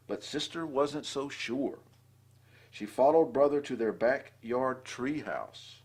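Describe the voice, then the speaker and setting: Husky older man reading a children's book. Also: mid-range voice, animated, slow, a little mellow. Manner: adds asides and chatty commentary between lines. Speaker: storybook reader.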